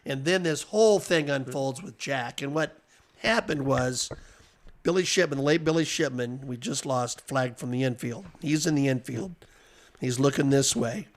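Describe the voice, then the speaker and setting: A man on a podcast as guest, telling casual anecdotes with animated delivery and frequent chuckles. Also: medium pitch, normal speed. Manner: animated storyteller, chuckles often.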